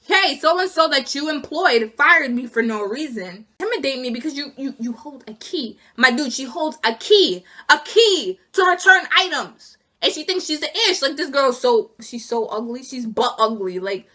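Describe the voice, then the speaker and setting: A young woman vlogger telling an indignant, animated story about being fired, acting out each side of the conversation. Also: sits high, moderate pace, hardly any pauses. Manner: indignant, animated retelling with acted quotes. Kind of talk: casual storytime rant.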